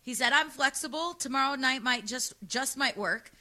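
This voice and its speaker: Loud, sassy woman telling a story. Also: high voice, moderate pace. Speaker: radio show host. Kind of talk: casual storytelling chat.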